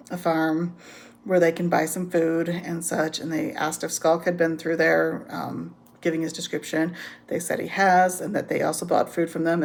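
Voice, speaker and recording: Female book reviewer, casual chatty recap, gravelly voice with vocal fry. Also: on the low side, a little mellow. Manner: rambling, many ums, laughs often.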